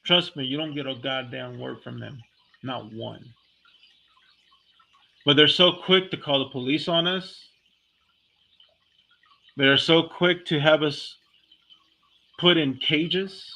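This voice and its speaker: A man's voice: on the high side, slow, gravelly, long pauses, sharp tone. A man delivering a heated, blunt, profane monologue as a vlogger, talking casually and speaking his mind. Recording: dull lo-fi recording.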